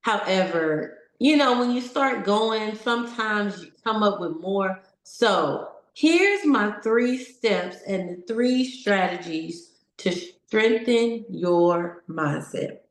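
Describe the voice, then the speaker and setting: A woman's voice: medium pitch, lively intonation, slow, few pauses, echoey room. A woman giving a conversational motivational talk to a live audience, encouraging and full of questions. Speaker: motivational speaker.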